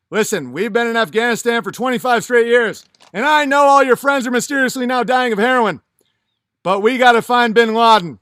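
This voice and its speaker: A boastful baby-boomer father who scolds his son with loud contempt, put on by a man. The voice sits high and bright. The sound is close and dry. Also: no echo.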